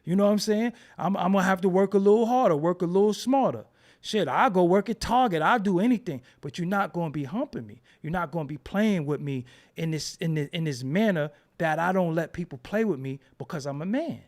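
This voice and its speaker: A man's voice: high-pitched, brisk. A man in a casual, profane rant, talking emphatically and repeating himself when heated. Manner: animated, emphatic, swears freely, repeats words when heated.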